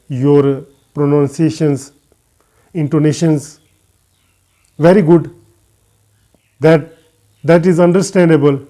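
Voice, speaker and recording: A man who is not a native English speaker gives an earnest English lesson, talking slowly with many pauses and fillers. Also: a little high, dark tone. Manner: earnest, advising. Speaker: English teacher.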